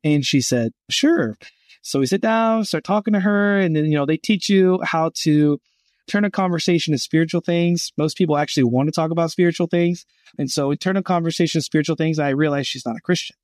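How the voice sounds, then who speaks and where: A man's voice: fairly high pitch, fast, dry recording, studio quality. A middle-aged man, a guest on a podcast interview, telling stories with energy and acting out the voices of the people in them. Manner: animated storyteller acting out quoted voices. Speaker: guest speaking for a Christian gap year college.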